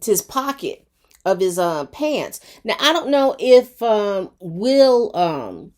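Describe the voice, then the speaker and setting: A talkative woman walks her viewers through a TV episode in a loose, chatty recap, full of terms of endearment and filler words. Her voice sits at an ordinary middle pitch for a woman, and she talks quickly. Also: very animated, darkish tone. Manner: rapid talk. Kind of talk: casual recap chat to viewers.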